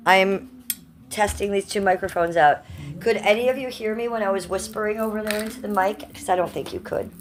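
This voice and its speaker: A woman's voice: medium pitch, steady tone, fairly quick. A woman hosting a casual livestream from home on a phone microphone, chatting with viewers and her pets. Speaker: livestream host. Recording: roomy, distant phone audio, faint noise.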